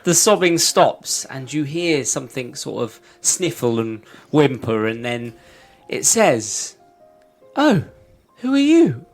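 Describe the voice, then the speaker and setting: A man's voice: mid-range voice, gravelly, faint music behind. Man narrating as game master. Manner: descriptive, unhurried narration.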